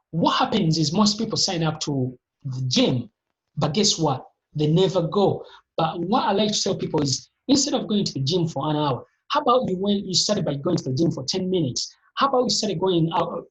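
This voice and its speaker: Motivational speaker, live online session, emphatic, repetitive, sudden pitch jumps, video-call audio. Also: poor audio.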